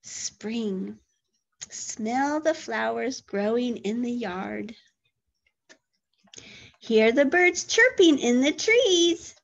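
High-voiced woman reading to toddlers. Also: extremely slow, creaky, long pauses, highs cut off. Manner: gentle, questioning, animated with sound effects. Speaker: early childhood teacher. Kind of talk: reading a picture book aloud to toddlers.

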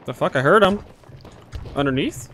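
A man's voice: a little high, normal speed. Hyped gamer guy cursing at a shooter, voice jumps all over, bit of hiss. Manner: excitable, swears a lot, yells at enemies. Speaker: gaming streamer. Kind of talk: live gameplay commentary.

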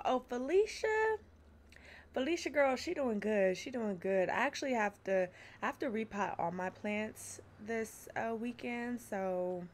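A woman's voice: mid-range voice, a little hiss or hum. A young woman streaming live, chatting casually, laughing and greeting viewers by name. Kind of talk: casual livestream chat.

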